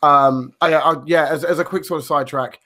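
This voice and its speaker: A man's voice: a little high, fairly even intonation, fairly quick, pushed and bright. A man co-hosting a podcast, rambling through a story in casual chat with lots of fillers, restarts and swearing. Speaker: podcast co-host.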